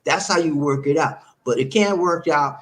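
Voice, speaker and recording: A middle-aged man hosting a live stream, giving relationship advice in a loose, animated, repetitive way and laughing often. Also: a little high, moderate pace. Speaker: host answering viewer comments.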